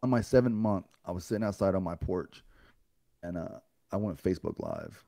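Low, dark-voiced man telling a raw story. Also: wildly swooping pitch, normal speed, creaky, dry recording, studio quality. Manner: blunt and profane, acts out others' lines in a raised voice. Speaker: podcast guest. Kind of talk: emotional personal storytelling.

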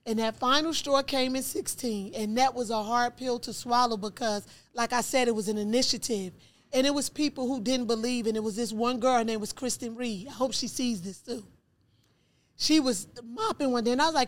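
A woman's voice: on the high side, steady tone, brisk. A woman guest on a podcast, telling her life story in conversation and acting out dialogue from her memories. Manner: repeats words for emphasis.

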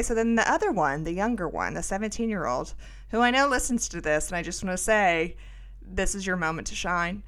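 A woman's voice: fairly low pitch, animated, a little fast, fairly bright tone. A middle-aged woman hosting a podcast, telling a rambling, self-mocking story with lots of fillers. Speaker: podcast host. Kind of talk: casual storytelling monologue.

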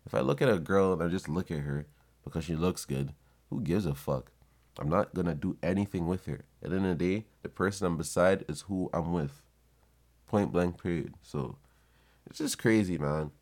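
A man's voice: low voice, moderate pace, darkish tone. A young man telling a blunt, profane story in a casual monologue. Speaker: vlogger.

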